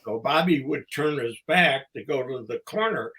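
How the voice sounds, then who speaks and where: An older man, a former wrestling promoter and ring announcer, telling stories casually as a podcast guest, halting and fond, with pauses between phrases. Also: mid-range voice, lively intonation, sharp tone, poor audio. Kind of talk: casual anecdotal storytelling.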